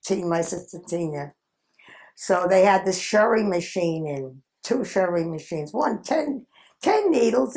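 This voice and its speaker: A woman in her nineties telling old work stories in an interview, lively and full of laughter. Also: medium pitch, vocal fry. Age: 90s. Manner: animated, acts out quoted people, frequent laughs. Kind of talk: reminiscing storytelling.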